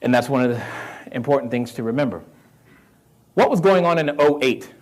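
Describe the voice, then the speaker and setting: A man's voice: mid-range voice, brisk. A man with a Southern American accent giving a live motivational talk on real estate, quizzing the audience and repeating his key lines. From North Carolina roots. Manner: energetic, asks the crowd questions, repeats key lines.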